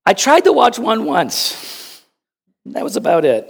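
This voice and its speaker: A man preaching a sermon as pastor, swinging from loud emphasis to hushed tones and repeating words when he presses a point. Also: high-pitched, wildly swooping pitch, unhurried, creaky.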